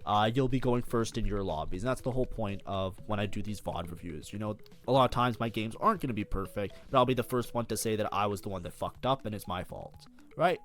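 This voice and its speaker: A man's voice: lowish voice, quick pace, fairly bright tone. A man reviewing his own match as a streamer, swearing freely, bursting into frustrated outbursts and blaming himself. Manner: self-critical, talks constantly. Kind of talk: casual gameplay commentary.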